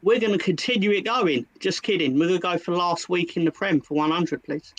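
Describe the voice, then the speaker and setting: A man playing a trivia game with friends, making wisecracks and deadpan jokes. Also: high-pitched, fairly quick, low-quality recording. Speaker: trivia player. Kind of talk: casual chat.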